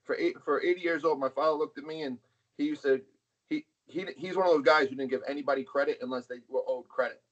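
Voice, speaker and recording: A man's voice: fairly high pitch, fairly even intonation, fast. Blunt middle-aged man telling a story. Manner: blunt, swears freely. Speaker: interview guest, arm wrestler. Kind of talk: casual storytelling. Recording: dull lo-fi sound.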